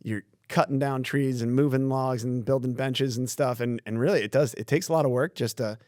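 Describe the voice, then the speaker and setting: Easygoing man guest, mid-pitched, frank and anecdotal, dry close podcast mic. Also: steady tone, fairly quick, darkish tone, no room sound. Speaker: community foundation staff. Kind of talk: casual podcast conversation.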